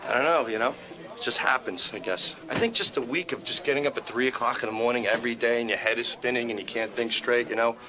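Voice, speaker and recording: A man's voice: medium pitch, quick pace, bright, forceful tone, rough recording. A man answering interview questions in a rambling, hesitant way, with many fillers. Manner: rambling, hesitant, then blunt. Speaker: interview guest. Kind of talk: casual interview.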